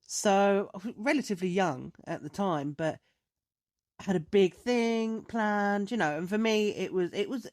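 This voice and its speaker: A woman on a podcast, casually chatting and telling a story with lively, animated delivery. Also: mid-range voice, unhurried. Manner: animated storyteller, acts out dialogue in raised voice. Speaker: podcast co-host.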